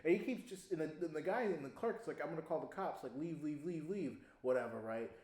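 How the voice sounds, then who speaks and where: Animated young man telling a story. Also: a little high, fast talker. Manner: animated, laughs often, swears casually. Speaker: podcast co-host. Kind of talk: casual storytelling chat. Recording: echoey room.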